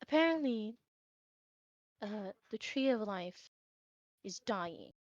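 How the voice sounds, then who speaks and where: A woman voicing Haru, a calm, measured male companion, speaking in a soft, subdued voice. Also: medium pitch, no echo. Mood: earnest. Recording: dull, dry lo-fi audio.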